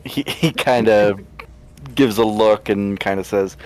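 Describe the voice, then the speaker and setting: A man narrating his actions as a player, in a relaxed, casual way. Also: fairly low pitch, unhurried. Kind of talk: casual tabletop play.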